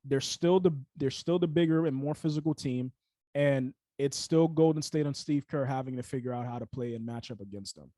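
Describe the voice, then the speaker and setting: A man's voice: medium pitch, brisk, dark tone, dry recording. A young man co-hosting a casual sports podcast, ranting heatedly with lots of fillers and restarts.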